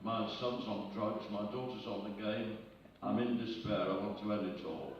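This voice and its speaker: A male comedian rambles through jokes on stage, forgetting lines and laughing at himself. He is heard from a distance in a very reverberant hall. The sound is dull and carries steady background noise. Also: on the low side, moderate pace. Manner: rambling, loses his place, chuckles at his own jokes. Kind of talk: live stand-up joke telling. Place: live arts centre stage with audience. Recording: echoey, muffled hall recording from far off.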